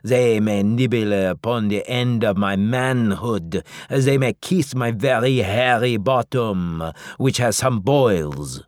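A man's voice: fairly low pitch, slow pace, hardly any pauses, a little mellow, no room sound, clean studio sound. A man voicing an angry Quebecois maple worker who rants crudely, with a thick Quebecois French accent. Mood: indignant. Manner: crude ranting, drawn out. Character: gruff Quebecois maple worker, male, furious.

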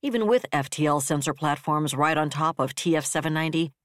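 An audiobook narrator reading military science fiction in a steady, even storytelling manner. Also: mid-range voice, fairly quick, dry recording, clean studio sound.

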